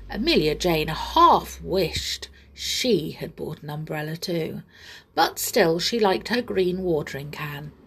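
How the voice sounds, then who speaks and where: A woman reading a children's story aloud, telling it gently and sometimes dropping into soft whispers. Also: fairly low pitch, gravelly, slightly rough.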